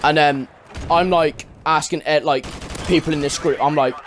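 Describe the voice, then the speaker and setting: A man's voice: a little high, steady tone, normal speed, a little hiss or hum. A young man telling a story casually to camera, rambling, swearing often and leaning on filler words. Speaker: vlogger.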